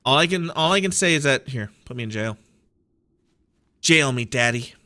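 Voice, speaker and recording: Animated, bright-voiced male game streamer. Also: mid-range voice, moderate pace. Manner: rambling, playful, self-deprecating. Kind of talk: casual gameplay commentary.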